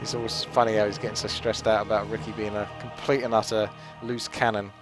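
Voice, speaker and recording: An English man giving live game commentary in a relaxed, chatty, rambling way. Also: fairly low pitch, a little fast, over music. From England. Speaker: esports commentator.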